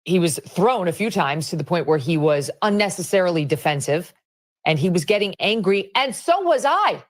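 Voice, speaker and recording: A woman's voice: on the low side, sing-song, normal speed. A woman giving indignant, emphatic opinion commentary on a news broadcast. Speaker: political commentator.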